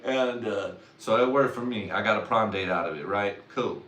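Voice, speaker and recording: A man's voice: on the low side, normal speed, a bit bright. Young man, livestream host, vulgar drawling storyteller who laughs a lot; sits back from the mic in an echoey room. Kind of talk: crude rambling comedic monologue. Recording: roomy echo, distant mic, faint noise.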